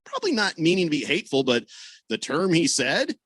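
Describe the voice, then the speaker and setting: A man hosting a sports radio talk show, telling stories in a lively way and voicing the people he quotes. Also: fairly quick, husky, no echo. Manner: animated storyteller, voices quoted people with big pitch jumps. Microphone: studio microphone over video call.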